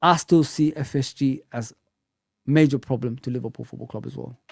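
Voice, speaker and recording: A man's voice: medium pitch, fairly quick, vocal fry, a little mellow, no room sound, clean studio sound. A man hosting a live football fan stream, teasing viewers, bantering and swearing often. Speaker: football fan channel host.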